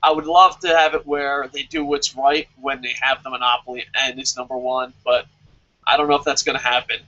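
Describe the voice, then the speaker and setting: Bright-voiced, sarcastic man ranting. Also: mid-range voice, fairly quick, lo-fi sound. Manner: animated, sarcastic and profane. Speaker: wrestling vlog host answering viewer questions. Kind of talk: casual opinionated commentary.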